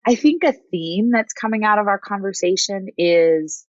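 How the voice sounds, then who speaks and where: A woman leads a coaching conversation with a steady, reflective calm, often checking in with a gentle "right?". Her voice sits in an ordinary middle register. The recording is close and dry, with slightly dull sound. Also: mid-range voice, normal speed, dry recording. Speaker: host and coach. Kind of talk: podcast coaching session.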